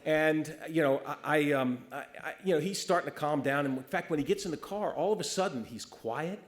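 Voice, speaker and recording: A man's voice: fairly high pitch, a little fast. A man, a police officer, telling a funny story at a roast. He often stammers and restarts, and he acts out the people he quotes.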